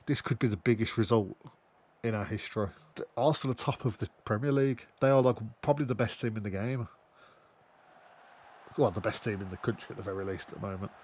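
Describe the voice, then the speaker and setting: A young man giving casual, expressive let's-play commentary on a football management game, swearing freely. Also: fairly low pitch, quick pace. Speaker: gaming YouTuber.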